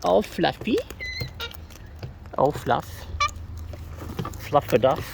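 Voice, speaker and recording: Woman crooning to birds, slow and gravelly, noisy outdoor take. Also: deep voice, big pitch swings. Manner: coos and baby-talks to birds. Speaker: bird feeder filming wild birds. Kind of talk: casual talk to birds.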